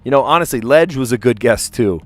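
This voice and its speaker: A man's voice: medium pitch, expressive, brisk, faint music behind. A man from South Jersey with a light South Jersey accent, casually chatting and rambling on a live stream, often cutting himself off mid-sentence. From South Jersey, USA. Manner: rambling, self-interrupting, chatty. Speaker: puzzle streamer host.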